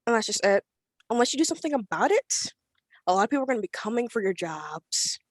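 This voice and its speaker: A woman's voice: fairly high pitch, very animated, fast talker, dry recording. Teen girl, furious public commenter on a video call, blunt, dry sound. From Florida, USA. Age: teens. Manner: angry, confrontational, blunt, swears. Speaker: public commenter at a school board meeting.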